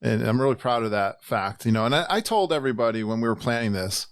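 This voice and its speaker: A man's voice: medium pitch, expressive, quick pace, clean tone, no echo, clean studio sound. A man hosting a casual podcast roundtable, upbeat and chatty, laughing often. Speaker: podcast host.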